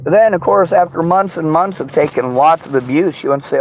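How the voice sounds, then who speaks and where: A man in an angry personal vlog rant. He talks in a bitter, accusing way, swears constantly and often shouts. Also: fairly high pitch, brisk, hardly any pauses. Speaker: vlogger.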